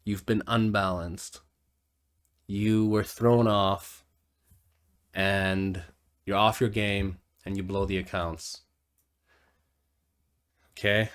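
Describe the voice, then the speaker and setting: A man's voice: fairly low pitch, flat delivery, slow pace, long pauses, smooth. A man talking casually as a trading educator, often tagging lines with "okay?", acting out a trader's inner thoughts and swearing now and then. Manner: conversational, filler "okay?" tags, acts out inner voices, curses. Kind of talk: casual monologue to camera.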